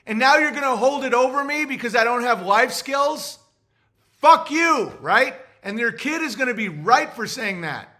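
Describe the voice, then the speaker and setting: A man puts on a shrill, very high voice for a grown son ranting at his dad. The tone is bright and piercing. He is indignant and yells in bursts. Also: sing-song, moderate pace, full character voice. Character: whiny grown son yelling at his father. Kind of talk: comedic rant.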